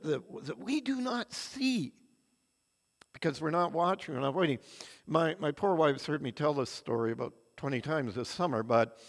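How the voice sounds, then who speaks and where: An older male preacher delivers his sermon in an earnest storytelling manner, his emphasis rising and falling dramatically. His voice is slightly higher than most men's, and a long reverb trails through the large church hall. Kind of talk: sermon with anecdotes.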